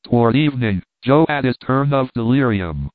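Male audiobook narrator, measured and steady, on a tinny, dry recording. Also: mid-range voice, dry recording.

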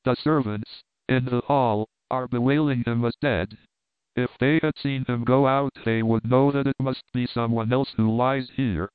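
A curt investigator speaks in short, urgent bursts, as a man reads his lines. The voice is smooth and clear at a middle pitch. The recording is dry and tinny, like a phone line. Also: steady tone, measured pace, dry recording, close to an everyday voice. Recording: dry, tinny narrow-band audio.

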